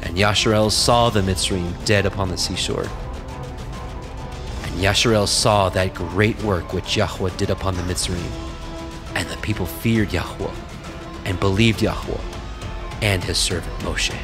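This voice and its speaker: A man reading scripture aloud in a slow, measured recitation. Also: sits low, fairly even intonation, music in the background. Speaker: scripture reader.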